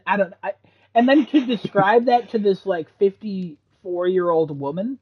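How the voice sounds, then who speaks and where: A man co-hosting a casual podcast chat, excitable, laughing often and throwing in mock exclamations. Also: high voice, a little slow, husky. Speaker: podcast co-host. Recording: dull lo-fi podcast audio.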